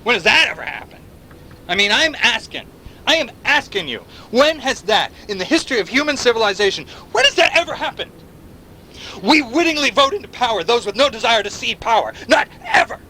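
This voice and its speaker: A man's voice: very high-pitched, sing-song, brisk, sharp tone, a little hiss or hum, exaggerated voice. An actor playing a paranoid male anti-surveillance activist in a video game, talking impassioned and firing rhetorical questions at the listener. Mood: impassioned rant. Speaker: game character.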